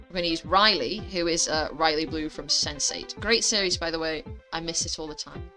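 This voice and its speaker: A woman's voice: low voice, brisk, few pauses, bright, forceful tone, soft background music. A woman playing through a mobile story game, reading it aloud with chatty asides. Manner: chatty, self-aware asides. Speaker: gaming youtuber.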